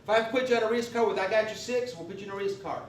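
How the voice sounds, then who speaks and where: A man's voice: sits high, very fast, distant mic. A man presenting a live class on veterans benefits, folksy and emphatic, often checking in with "okay?". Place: convention meeting room. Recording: echoey room recorded from afar.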